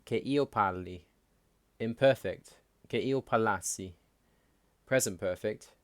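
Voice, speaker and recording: A man hosting a language channel, reading a scripted explainer in a plain, measured way. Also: lowish voice, dry recording. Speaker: language learning channel host.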